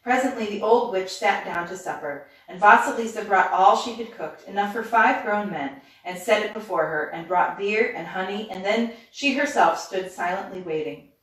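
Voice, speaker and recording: A woman reads a fairy tale aloud as a bedtime story, keeping her narration steady and even. She sits well away from the mic, and her voice rings around a very echoey room. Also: mid-range voice, normal speed, few pauses. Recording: roomy, distant mic.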